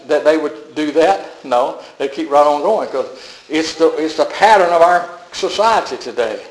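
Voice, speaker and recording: Older man, pastor, folksy sermon storyteller, slightly high voice, roomy church sound.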